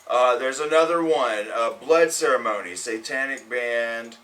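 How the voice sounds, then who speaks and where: A man's voice: mid-range voice, unhurried, fairly bright tone. A young man co-hosting a casual music chat, explaining things with enthusiasm. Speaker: podcast co-host. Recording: distant mic with faint noise.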